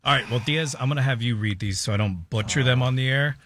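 A man's voice: mid-range voice, fast, background noise. A man hosting a radio talk show segment in easygoing casual banter. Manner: easygoing, self-conscious reading aloud. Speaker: radio host.

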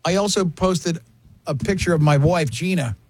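A man's voice: on the high side, normal speed, darkish tone. A man in his fifties hosting a radio talk show, joking with co-hosts and reading listener comments aloud with frequent laughter. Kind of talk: casual studio banter.

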